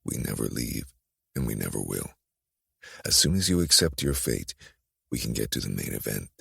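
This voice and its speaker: A brooding, possessive young man, voiced by a man in a dark romance audiobook, murmuring low with teasing menace. His voice is extremely deep and gravelly, with a husky edge and a bright bite. The sound is dry and close. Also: very animated, moderate pace, dry recording, exaggerated voice. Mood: menacing, teasing.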